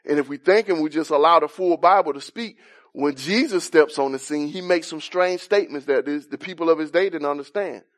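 A man's voice: fairly high pitch, a little fast. A man preaching a Bible-teaching sermon, explaining a passage and asking questions as he rises in intensity on key points.

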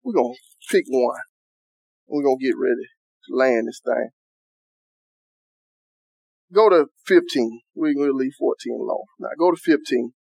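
A man's voice: mid-range voice, lively intonation, unhurried, creaky, long pauses, darkish tone, husky, dry recording. A man preaching a sermon in a loose, conversational style, reading scripture and retelling it in everyday Southern vernacular.

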